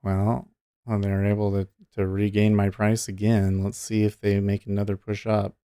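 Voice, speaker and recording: A man's voice: fairly low pitch, completely flat delivery, normal speed, warm tone, clean tone, no room sound, clean studio sound. A man hosting a live day-trading stream, thinking aloud and cheering on his trades in easy casual chat.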